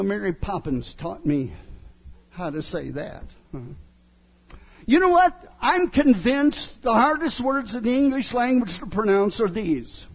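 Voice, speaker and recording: A middle-aged male preacher delivers a sermon in a very high, husky voice. He speaks slowly and emphatically, often asking his listeners "huh?"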